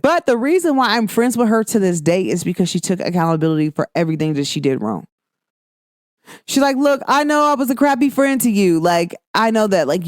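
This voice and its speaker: Animated woman podcaster, dry close sound. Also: medium pitch, dry recording. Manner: animated, expressive, acts out quoted lines. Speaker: podcast host. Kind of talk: casual chat.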